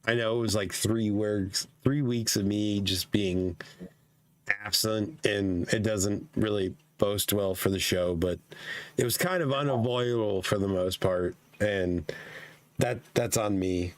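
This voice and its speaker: A hoarse man with a lowish voice, straining to talk after losing most of it. He jokes and swears freely while chatting with his co-host. The sound is dry and close. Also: unhurried, no echo. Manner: profane, joking. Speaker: podcast co-host. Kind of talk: casual chat.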